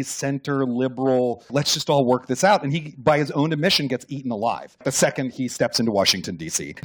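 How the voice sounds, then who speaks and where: A man being interviewed about his book, telling stories with energy and acting out the people he quotes. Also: medium pitch. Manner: animated storyteller, acts out quotes, some restarts. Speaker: author and guest. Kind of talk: conversational radio interview.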